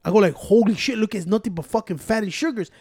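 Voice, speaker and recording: Fast-talking man. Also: high voice, no room sound, studio quality. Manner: mixes Spanish and English, swears, gets loud and worked up. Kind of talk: casual chat.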